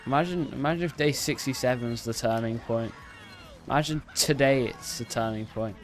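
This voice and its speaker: A man's voice: medium pitch, brisk, faint music behind. A man live-streaming a racing game, chatting casually with his viewers in a rambling, self-interrupting way. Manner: bursts into loud repeated "no, no" while playing. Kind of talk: casual live-stream chat while gaming.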